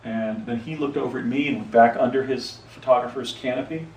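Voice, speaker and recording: Guy telling his story on location, keeps restarting sentences, mid-pitch, echoey and far from the mic. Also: steady tone, fairly quick, darkish tone, slight background noise. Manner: rambling, self-correcting, with frequent restarts. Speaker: storyteller recounting a personal experience. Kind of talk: unscripted first-person account. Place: outdoors, on location. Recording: roomy echo, mic at a distance, faint ambience.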